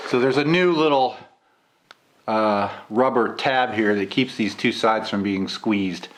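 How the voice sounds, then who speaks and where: A man getting over a cold, with a gravelly voice, chatting casually through a camera unboxing and review, with lots of filler "uh"s. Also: on the low side, slow pace. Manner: relaxed, chatty, many filler "uh"s.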